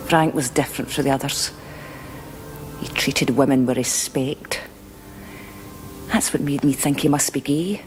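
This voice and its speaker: An actress playing a wistful woman narrating in a deadpan voice-over. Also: extremely low pitch, unhurried, long pauses, poor audio. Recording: voice-over over loud music.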